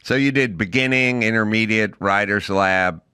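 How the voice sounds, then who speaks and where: A middle-aged man hosting a casual talk show, telling stories in a lively way and acting out the voices of people in them. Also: lowish voice, moderate pace, clear, resonant tone, no echo. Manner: animated storyteller, acts out loud impressions of a yelling teacher. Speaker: podcast host. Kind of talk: casual chat.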